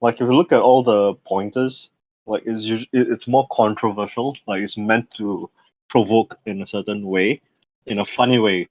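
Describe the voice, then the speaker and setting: A man's voice: on the low side, steady tone, moderate pace, lo-fi sound. A man co-hosting a podcast, talking casually with hesitant fillers. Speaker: podcast co-host.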